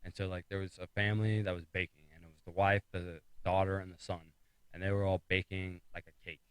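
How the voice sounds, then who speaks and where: A man's voice: deep voice, level tone, fairly quick, clean tone, no room sound, rough recording. A man giving a casual devotional talk, retelling a story with restarts and repeated phrases for emphasis. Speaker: speaker of a faith talk series.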